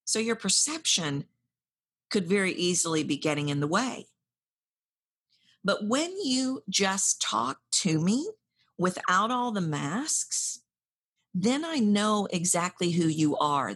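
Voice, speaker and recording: Husky woman coaching with animated delivery. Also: fairly low pitch, slow pace. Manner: animated, acts out clients' anxious inner voices. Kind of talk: direct-address coaching talk.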